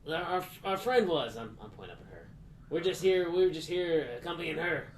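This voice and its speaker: A man's voice: on the high side, lively intonation, a little fast. A man playing a tabletop game, talking in a hesitant way and repeating himself. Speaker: player. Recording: roomy echo with faint hiss.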